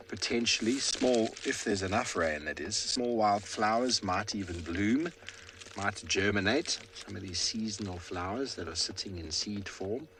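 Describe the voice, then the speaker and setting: A man guiding a live safari drive from an open vehicle in the rain, explaining the wildlife in a relaxed way with fillers. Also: low-pitched, a little hiss or hum. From South Africa. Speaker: safari field guide. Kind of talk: live game drive commentary.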